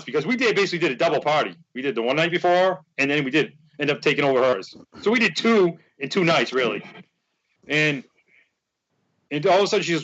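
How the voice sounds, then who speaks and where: A man with a fairly high voice tells a winding story as a podcast guest. He rambles and acts out the dialogue. The sound is dull and lo-fi. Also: brisk, fairly bright tone. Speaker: podcast guest, fan charity organizer. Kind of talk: casual storytelling.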